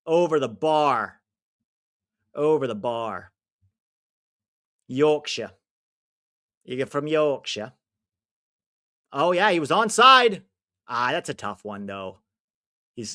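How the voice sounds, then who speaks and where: An American man hosts a live football watch-along, his voice fairly high and his pace unhurried with frequent pauses. He chats with viewers, responds to their comments, and bursts into excitement whenever a chance comes up.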